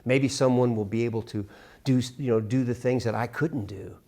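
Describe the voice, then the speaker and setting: A middle-aged man teaching a casual songwriting workshop, acting out lyric lines with lively emphasis. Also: medium pitch, normal speed. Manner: animated, sings and acts out lyric examples.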